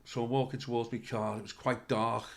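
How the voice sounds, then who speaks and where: An older man, a comedian telling stories in an interview, animated and swearing freely as he acts out the people in them. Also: medium pitch, a little fast, vocal fry. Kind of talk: anecdotal interview storytelling.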